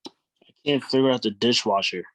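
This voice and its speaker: A man's voice: mid-range voice, normal speed, a bit bright, rough recording. A young man in an acting class, tentatively reading sitcom lines aloud for feedback. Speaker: acting student.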